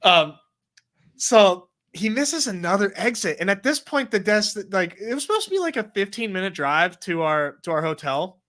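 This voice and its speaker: A man from Texas co-hosts a casual chat and tells a rambling story. His pitch swings widely as he acts out the people in it. He drops in swearing and lots of fillers. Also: moderate pace. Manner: animated storyteller, swears, many likes and restarts. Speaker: podcast co-host.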